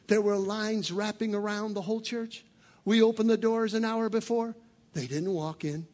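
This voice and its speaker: A man preaching a sermon as pastor, rising to shouted peaks and dropping into playful, joking asides. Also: high voice, fairly even intonation, moderate pace.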